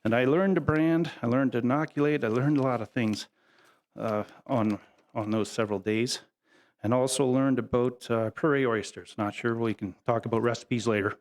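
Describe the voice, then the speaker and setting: A man's voice: mid-range voice, steady tone, moderate pace. Folksy middle-aged man telling stories. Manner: folksy, humorous storytelling. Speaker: family member giving a eulogy. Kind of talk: anecdotal memorial speech.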